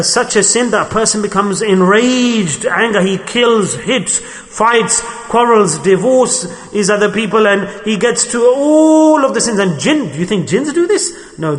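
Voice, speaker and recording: A man's voice: high voice, fairly bright tone, big-room sound. A man preaching a sermon, asking the listeners rhetorical questions and acting out quarrels in short bits of dialogue. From United Kingdom. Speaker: Islamic preacher.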